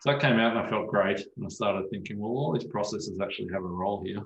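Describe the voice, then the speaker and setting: A man's voice: lowish voice, quick pace, vocal fry, roomy sound, lo-fi sound. A man speaking as an osteopath guest in casual podcast chat, telling stories animatedly and swearing freely.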